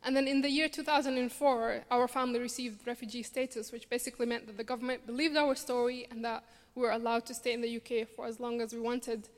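A woman's voice: on the high side, fairly even intonation, fast, few pauses. A woman in her twenties from Somalia with a Scottish accent, telling her own story earnestly with dry humor on a theatre stage. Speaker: refugee campaigner speaking at a charity show. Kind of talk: personal story told on stage. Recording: long theatre hall reverb.

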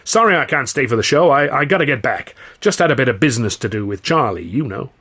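A man's voice: medium pitch, expressive, quick pace, fairly bright tone, slightly rough, pitched above the performer's own voice. A man voicing a big, clumsy, genial male film producer who talks in a folksy, easygoing way.

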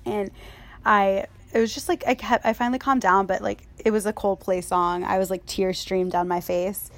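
Casting: young woman, casual chat, lively, quick storyteller. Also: medium pitch. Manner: animated storyteller, quick and chatty.

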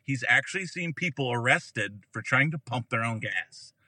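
A man's voice: medium pitch, expressive, moderate pace, sharp tone, no room sound, poor audio. An American man from Ohio, a podcast guest, telling a story casually and acting out the people in it with big jumps in his voice. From Ohio, USA.

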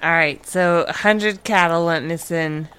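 A woman's voice: fairly low pitch, unhurried, fairly bright tone, smooth. A woman player in a tabletop role-play, asking blunt questions in character.

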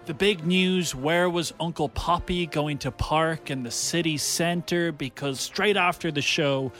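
A man co-hosts a radio chat show and teases callers with quick jokes. His voice is bright and forward, and a little high. Light music plays under him. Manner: teasing, quick jokes, laughs. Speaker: radio co-host.

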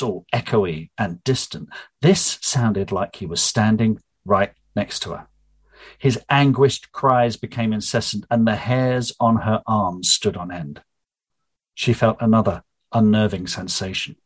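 A man's voice: lowish voice, husky, low-quality recording. A middle-aged man, the book's author, chatting upbeat about his novel and then reading from it aloud. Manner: chatty and upbeat, with small restarts.

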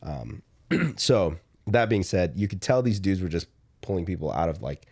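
A man co-hosting a podcast, telling a story in casual chat, animated, acting out dialogue with lots of fillers. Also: low voice, moderate pace, vocal fry, no echo, clean studio sound. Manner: animated, acts out quoted dialogue, frequent fillers. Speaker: podcast co-host.

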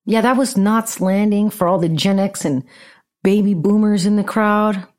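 A woman's voice: medium pitch, normal speed, a little mellow. A middle-aged woman hosting a podcast, telling a story in a blunt, sarcastic, profane rant. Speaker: podcast host.

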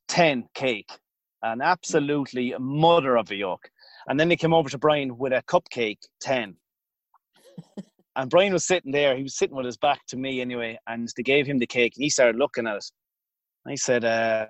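A man's voice: medium pitch, no echo. A man in his thirties with an Irish accent, telling stories in a rambling, colloquial way as a podcast guest. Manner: rambling, self-interrupting, colloquial. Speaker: podcast guest, former hurler. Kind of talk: casual storytelling.

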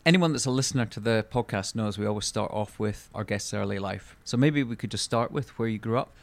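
A man hosting a podcast, reading a polished introduction and asking questions in a measured way. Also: fairly low pitch, creaky. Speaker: podcast host. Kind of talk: scripted intro then interview.

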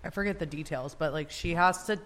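A man's voice: a little high, brisk, a bit bright. A man joining a casual podcast chat, talking loosely.

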